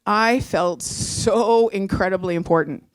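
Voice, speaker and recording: A middle-aged woman telling her own story on a live show, animated and chatty, with many fillers and restarts. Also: mid-range voice, unhurried, dry recording.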